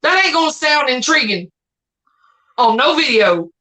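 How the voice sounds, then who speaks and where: A woman host with a Southern US accent in a casual chat, folksy and quick to laugh, drawing her words out. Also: high-pitched, very animated, pushed and bright, low-quality recording.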